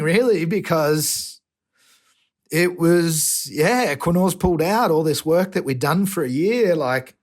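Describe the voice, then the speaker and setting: An Australian environmental activist speaks emotionally and earnestly in a podcast interview, often restarting his sentences. His voice is on the high side.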